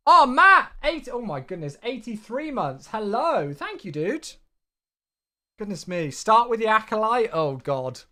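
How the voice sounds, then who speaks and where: A man chatting casually on a flight-sim live stream, excitable and effusive toward his viewers, sounding tired. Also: high voice, a little slow.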